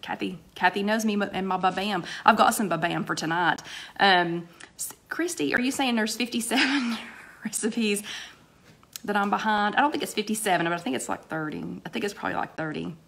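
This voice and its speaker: Woman, live-stream host, casual and chatty, friendly roll-call greetings, mid pitch. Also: fairly quick, creaky, a bit bright. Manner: chatty, cheerfully greeting viewers by name.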